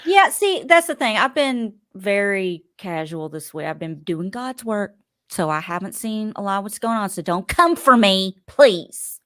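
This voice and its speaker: A woman's voice: mid-range voice, animated, moderate pace, a bit bright, no room sound, clean studio sound. A woman hosting a podcast in casual chat, rambling and chatty with many fillers. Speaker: podcast host.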